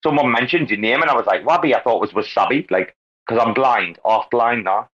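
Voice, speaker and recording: A man hosting a crypto talk space, brash and excitable, swearing constantly in casual banter. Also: mid-range voice, fairly quick. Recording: lo-fi online call audio.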